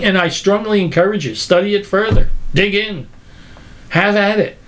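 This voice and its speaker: A man giving an animated lecture, emphatic and incredulous, acting out everyday examples as he goes. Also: high-pitched, moderate pace, slight background noise. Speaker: speaker teaching a lecture series.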